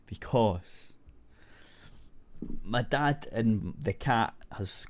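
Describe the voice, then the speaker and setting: A Scottish man hosts an internet radio show, telling a story in loose, rambling casual chat. He swears freely and restarts his sentences often. His voice sits low. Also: animated, very slow.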